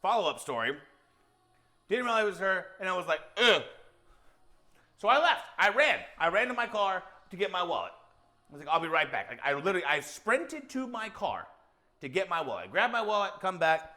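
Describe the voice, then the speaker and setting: A man co-hosting a podcast, telling a long anecdote in a casual, animated way and acting out the quotes. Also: high voice, brisk. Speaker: podcast co-host. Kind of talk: casual storytelling.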